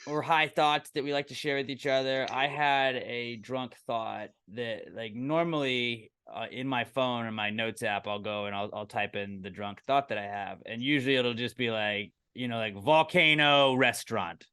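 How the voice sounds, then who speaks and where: Rambling male podcast co-host, smooth voice. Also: medium pitch, steady tone, moderate pace, few pauses, pushed and bright. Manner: rambling, full of "like" fillers. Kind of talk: casual chat.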